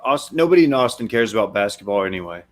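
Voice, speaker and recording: A man in casual comedic banter, dropping dry, deadpan asides. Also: fairly low pitch, fast. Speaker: panelist.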